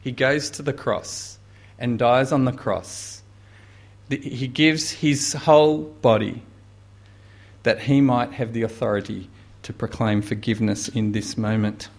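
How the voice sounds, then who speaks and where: A man's voice: mid-range voice, fairly even intonation, a little slow. A man preaching a sermon, retelling a gospel story and lifting his voice to quote Jesus with dramatic weight.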